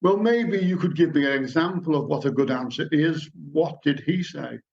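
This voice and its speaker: A man's voice: a little high, normal speed, gravelly, a little mellow, a little hiss or hum. A man quoting a flustered, eager man in a therapy group during a lecture. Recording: dull lo-fi recording.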